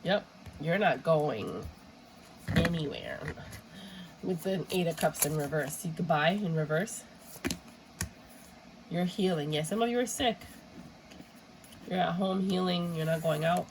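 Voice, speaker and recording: Against a noisy background, a woman does a casual, rambling tarot reading in a fairly low voice, speaking a little slowly and pausing often. Her nose is stuffy and runny, and she occasionally drops in Spanish exclamations.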